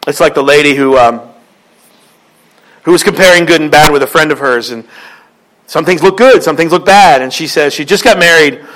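A male pastor delivers a sermon, his voice sitting high for a man. He builds his points through repetition and rising emphasis, and he slips into quoted voices to tell a joke. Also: normal speed, long pauses, a bit bright, poor audio.

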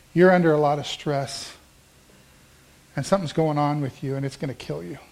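A middle-aged male pastor preaching a sermon in a conversational, storytelling way, acting out the dialogue he quotes. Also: on the high side. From American Midwest.

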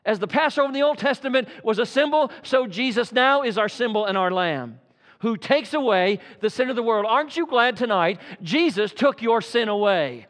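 A man preaching an evening church sermon, swinging from loud fervent calls to hushed quiet passages. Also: very high voice, animated, normal speed, big-room sound. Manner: dramatic swings from loud fervor to hushed tones. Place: church sanctuary.

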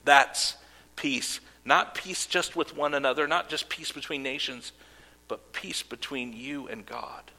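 A man's voice: medium pitch, a little slow, pushed and bright. A man preaching a sermon as pastor, earnest, with casual asides and fillers. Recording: long hall reverb.

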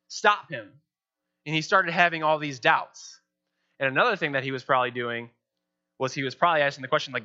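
Young man, pastor, sermon, slightly high voice, acts out prayers. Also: normal speed, pauses often. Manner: animated, acts out quoted prayers. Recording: dull lo-fi sound.

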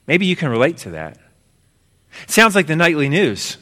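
A man preaching a sermon as pastor, using rhythmic repeated phrases and swinging between emphatic and hushed delivery. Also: fairly high pitch, big pitch swings, normal speed, in a large hall.

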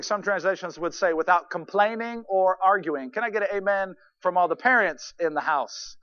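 A man's voice: sits high, moderate pace, few pauses. Man preaching a sermon, dull lo-fi sound. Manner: emphatic preaching, swings from loud to murmuring. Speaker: pastor. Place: church sanctuary.

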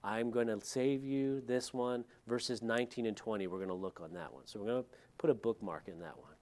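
Male pastor, mid-pitched, talky sermon delivery with wry asides. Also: brisk, a little mellow. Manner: conversational, with joking asides.

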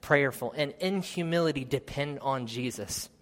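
A man preaching a sermon and reading scripture in an earnest, measured way, rising for emphasis and dropping low at solemn points. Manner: reads scripture aloud with measured pauses.

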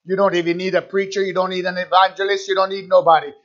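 A man's voice: high-pitched, level tone, fast, a bit bright. A man preaching a fervent sermon, repeating himself and firing rhetorical questions at his listeners. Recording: dull lo-fi recording.

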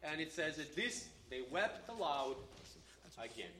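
A man's voice: on the high side, very animated, measured pace, sharp tone, far from the mic. A man teaching a conversational Bible lesson who explains step by step and keeps checking in with his listeners. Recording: roomy, speaker away from the mic.

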